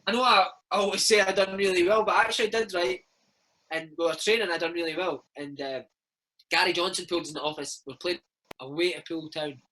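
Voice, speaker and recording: A man's voice: high voice, steady tone, fast talker, bright, forceful tone, poor audio. A Scottish man in his thirties, a former footballer telling stories in a casual interview, peppering his talk with "mate" and "man". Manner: chatty storyteller, peppers speech with "mate" and "man".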